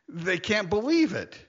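Male pastor, expressive teaching voice that jumps high and drops low, slightly muffled lo-fi sound. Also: husky. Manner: animated, laughing often, acting out quotes. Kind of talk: sermon.

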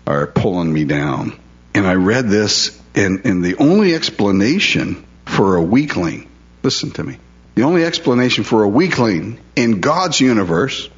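A man's voice: on the low side, dull audio. A male pastor preaching a conversational sermon, asking his listeners questions and confessing his own struggles.

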